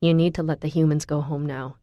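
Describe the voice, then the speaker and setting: Harsh whispering guy, insistent, read by a woman narrator, soft and a bit low, dry close sound. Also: steady tone, brisk, no room sound, lo-fi sound, lightly acted. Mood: tense. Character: stern young man, urgent and insistent.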